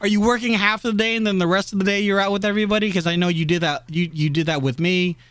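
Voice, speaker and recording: A man co-hosting a casual podcast, animated and teasing, who laughs often and jumps into squeaky voices when mimicking people. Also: fast, smooth, no echo. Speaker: podcast co-host. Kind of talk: casual chat.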